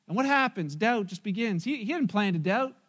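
Male pastor, very high-pitched, lively, humorous sermon delivery. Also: a little fast. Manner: lively, joking storyteller who acts out the characters.

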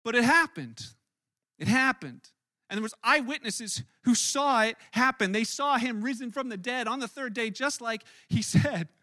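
A man's voice: very high voice, moderate pace, dry recording. A man preaching a sermon, telling stories with lots of energy and often repeating words and restarting his sentences. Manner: animated storytelling with frequent word repeats and restarts. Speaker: pastor.

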